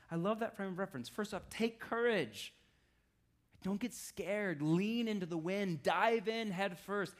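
This man delivers his sermon in a chatty way, as pastors sometimes do, with dry humorous asides. To stress a point, he frequently lowers his voice.

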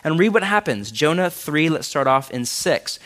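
Animated preacher man, lively questions. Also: on the high side, normal speed. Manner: animated and emphatic, asking the congregation questions. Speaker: pastor. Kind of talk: sermon.

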